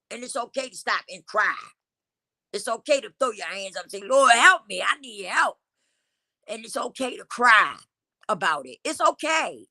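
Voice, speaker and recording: Bright-voiced woman preaching to viewers. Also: lowish voice, vocal fry, no echo. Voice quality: slightly congested from a cold. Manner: emphatic, preachy, addresses the audience as y'all; African American Vernacular English speech. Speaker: livestream host. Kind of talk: casual motivational talk to viewers.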